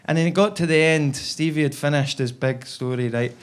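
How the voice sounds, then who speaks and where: A Scottish comedian spins a long stand-up story in a slightly raised voice. He talks in a loose, chatty way and keeps checking in with a quick "right?". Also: on the high side, smooth.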